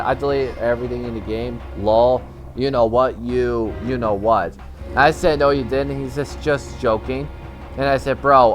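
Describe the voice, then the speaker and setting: A teenage boy who tells a story casually and reads chat messages aloud. He rambles, often stumbles and restarts, and says "you know what" in place of swear words. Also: mid-range voice. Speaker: channel host.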